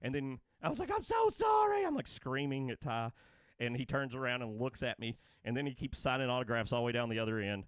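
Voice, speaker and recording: This podcast co-host is a man with a mid-range voice and a drawl, speaking quickly and smoothly in casual chat. He rambles and laughs through excitable stories. The studio mic is dry, with no room sound.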